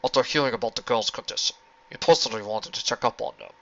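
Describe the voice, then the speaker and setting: A man voicing an old male pony wizard who speaks low, measured and calm. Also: natural voice. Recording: lo-fi home recording.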